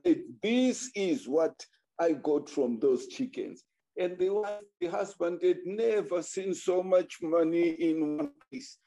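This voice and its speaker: A man's voice: medium pitch, warm tone. A man telling a folk tale aloud, acting out the characters with animation. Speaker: storyteller. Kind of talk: oral folk storytelling.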